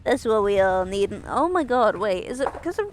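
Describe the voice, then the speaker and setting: A woman's voice: medium pitch, sing-song, a little fast, slight background noise. A woman chatting casually while streaming a game, rambling and swearing in self-mocking asides. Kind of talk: casual gameplay stream chat.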